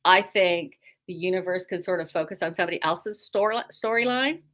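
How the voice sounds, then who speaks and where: A woman's voice: on the low side, normal speed, a bit bright. A middle-aged woman, hosting a casual livestream from her quilt shop, joking and self-deprecating as she rambles.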